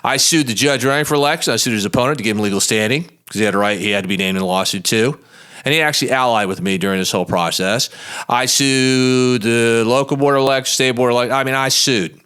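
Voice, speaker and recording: A man's voice: mid-range voice, quick pace, a bit bright, smooth. A man, a lawyer hosting his own show, telling a story in a blunt, folksy, emphatic way in a monologue podcast. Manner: plain-spoken and blunt.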